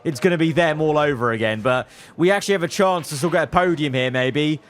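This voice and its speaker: A young man who creates gaming videos talks fast over his racing management gameplay, with a little hiss or hum in the audio. He speaks to his drivers as he plays, going from low muttering to loud outbursts.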